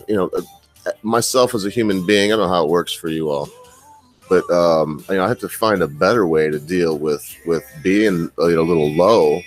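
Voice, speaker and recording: A man's voice: very deep voice, low-quality recording. A middle-aged man casually telling his viewers a rambling, self-deprecating story, laughing often. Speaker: vlogger.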